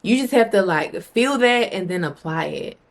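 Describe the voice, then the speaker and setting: A young woman vlogging straight to her viewers in a casual, unscripted way. She is blunt and emphatic, swears freely, and hammers her points home by repeating phrases. Her voice sits at an ordinary middle pitch for a woman. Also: animated, normal speed, gravelly. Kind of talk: casual motivational vlog talk.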